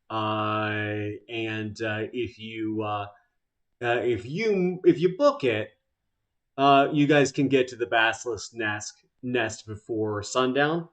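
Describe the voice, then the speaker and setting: A man narrating a tabletop game as game master, halting often to gather his thoughts. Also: fairly low pitch. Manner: halting, full of "uh" fillers.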